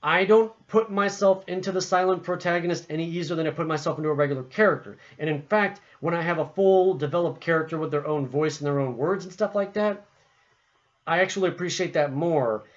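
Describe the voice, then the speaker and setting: A man's voice: a little high, fairly quick. A man giving a casual opinion monologue about a video game, rambling with frequent restarts and fillers. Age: adult. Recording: muffled lo-fi recording.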